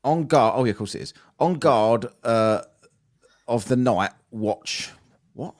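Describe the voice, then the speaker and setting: Man, lively pitch, teasing banter, stumbling reading aloud. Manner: banters and teases, reads haltingly. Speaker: podcast co-host. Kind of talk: casual chat reading ghost stories.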